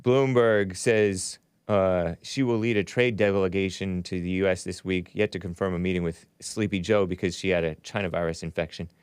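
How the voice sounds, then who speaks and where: A man's voice: sits low, fairly even intonation, moderate pace, hardly any pauses, clear, resonant tone, dry recording, studio quality. A man hosting a talk show, giving casual political commentary in a sarcastic, mocking way. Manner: sarcastic, mocking, bursts into loud jeers.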